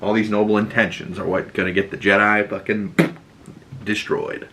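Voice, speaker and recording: A man hosting a podcast, recapping a show in excitable casual chat, swearing freely and acting out the scenes. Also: lowish voice, normal speed, low-quality recording. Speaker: podcast host.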